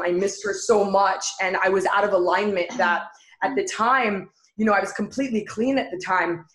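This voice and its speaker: Earnest woman telling her story, echoey room. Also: mid-range voice. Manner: earnest, builds repeated phrases. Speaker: interview guest. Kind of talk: candid personal storytelling.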